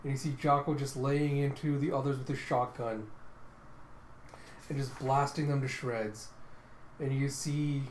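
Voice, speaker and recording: A man walks through a comic page by page in a loose, rambling play-by-play. His pitch sits in the ordinary male middle, and the room adds a noticeable echo with a faint hiss. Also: steady tone, unhurried, long pauses. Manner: casual, rambling play-by-play with fillers. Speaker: comic readthrough host. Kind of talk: casual comic narration.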